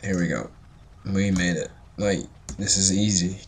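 Drunk male gamer, lowish voice, profane, rambling play-by-play, jokey. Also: fairly even intonation, a little slow, slight background noise. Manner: profane, rambling, joking asides. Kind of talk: casual gameplay commentary.

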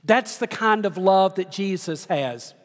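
Slow, high-voiced preacher. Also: male voice, lively intonation. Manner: slow, storytelling preacher with dramatic pauses. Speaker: pastor. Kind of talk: sermon. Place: large church sanctuary. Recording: long church reverb.

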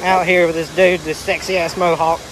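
A man in his twenties, a vlogger chatting in a crude, playful way with loud outbursts, outdoors. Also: high voice, little pitch movement, moderate pace, slight background noise, low-quality recording. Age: 20s. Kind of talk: casual joking chat.

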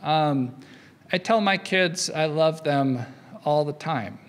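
A man's voice: a little high, slow pace. A middle-aged man giving a university philosophy lecture in a conversational way, often checking in with the audience with "right?" between thoughts. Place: lecture hall. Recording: long reverb of a lecture hall.

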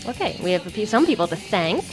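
A woman's voice: mid-range voice, big pitch swings, fast, faint music behind. A woman co-hosting a casual podcast, giggly and rambling, with many fillers. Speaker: podcast co-host.

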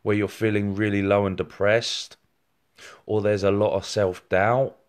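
A man's voice: fairly low pitch, flat delivery, measured pace. A man giving a rambling live-streamed psychic reading, talking straight to viewers with many fillers and restarts. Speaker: psychic medium.

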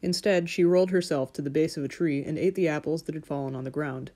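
A woman narrating a fairy-tale audiobook in a measured, gentle storytelling manner. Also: low voice.

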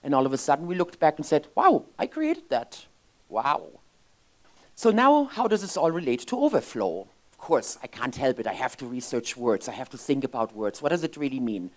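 A woman in her fifties giving an emotional, expressive inspirational sermon as a spiritual speaker in a church. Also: a bass voice, fast, few pauses. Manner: expressive, emotional, lively storytelling. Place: church sanctuary.

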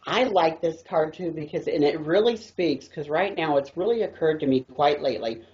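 Brief: deep-voiced woman, earnest rambling tarot reader, muffled lo-fi audio. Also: moderate pace, a little mellow. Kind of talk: casual chat about tarot. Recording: dull lo-fi audio.

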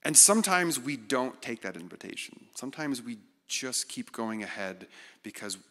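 A middle-aged man giving a conversational, animated sermon as guest speaker, acting out quotes with self-deprecating humor. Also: medium pitch, normal speed. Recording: reverberant hall.

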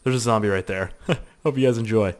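A man's voice: fairly low pitch, fairly quick. A young Canadian man with a sore throat giving rambling, profane commentary while playing a survival game. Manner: rambling, profane, excitable outbursts. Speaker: gaming YouTuber. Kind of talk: casual let's-play commentary.

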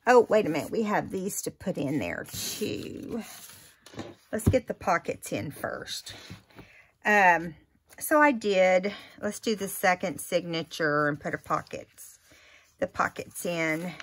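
A woman's voice: lowish voice, lively intonation, slow pace, a little hiss or hum. A woman hosting a casual crafting tutorial, chatting and thinking aloud as she works.

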